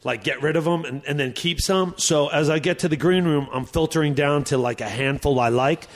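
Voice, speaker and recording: A man who is a stand-up comedian, telling stories in casual chat, animated, profane and rambling. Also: a little high, brisk.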